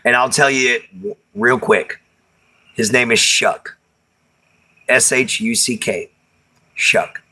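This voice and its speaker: A man's voice: medium pitch, slow pace, pauses often, pushed and bright. Chatty Texan man hosting a stream. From Texas. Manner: chatty and easygoing, laughs often, uses Southern slang. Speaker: livestream host. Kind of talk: casual chat reading viewer comments.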